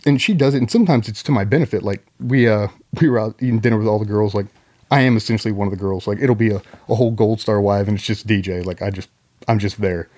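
A man's voice: on the low side, quick pace, warm tone. A man telling rambling, profane anecdotes as a podcast guest in casual conversation. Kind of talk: casual storytelling.

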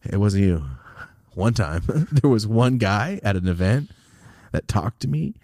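A man co-hosting a podcast, telling stories in a casual, profane, animated way, jumping into loud high-pitched outbursts when he quotes people. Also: a little slow, no echo, studio quality. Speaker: podcast co-host.

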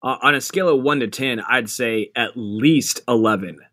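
A man's voice: mid-range voice, normal speed, sharp tone, no echo, clean studio sound. Playful man co-hosting a podcast. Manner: playful, rambling, laughs often. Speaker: podcast co-host. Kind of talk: casual podcast chat.

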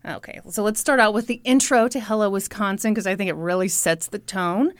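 A woman's voice: mid-range voice, fairly even intonation, brisk, clean tone, no echo. A woman co-hosting a comedy chat show, telling a story in a playful, teasing way. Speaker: podcast co-host.

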